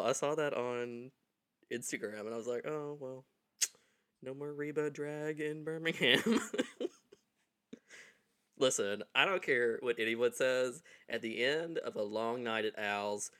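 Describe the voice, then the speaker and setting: A man hosting a podcast in casual chat, excitable and laughing often. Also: mid-range voice, unhurried. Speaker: podcast host.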